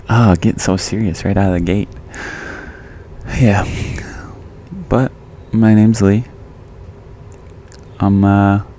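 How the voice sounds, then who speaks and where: A man's voice: lowish voice, mellow, a little hiss or hum. A young man from the Midwest hosting a casual solo podcast, joking and laughing at himself and going off on tangents. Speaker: podcast host.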